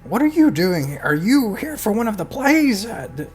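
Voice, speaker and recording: A man squeaking as a fussy goblin in spectacles. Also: very animated, moderate pace, faint music behind. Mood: flustered. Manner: squeaky, panicky, stammering.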